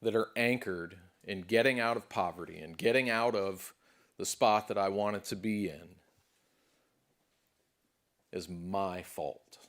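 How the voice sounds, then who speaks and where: A man's voice: on the low side, measured pace, pauses often, fairly bright tone. A man giving a motivational stage speech at a conference, emphatic and repetitive, building in intensity. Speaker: motivational speaker. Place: conference hall.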